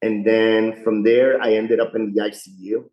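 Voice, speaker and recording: Firefighter guest in a roomy-sounding room. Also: male voice, lowish voice, little pitch movement, normal speed, lo-fi sound. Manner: candid, chatty retelling with frequent "you know". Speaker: fire rescue lieutenant guest. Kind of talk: podcast interview, storytelling. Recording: roomy echo.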